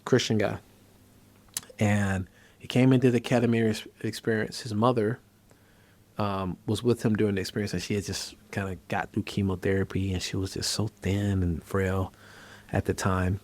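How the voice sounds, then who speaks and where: This man's voice sits on the low side and moves at a normal speed. As a psychiatrist hosting the show, he chats casually about a treatment, tells tales from his practice, and gets lively whenever he plays out a scene.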